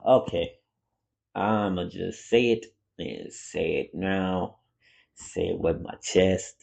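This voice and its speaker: A man giving a casual, rambling comic book review, excitable and swearing freely. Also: low-pitched, gravelly.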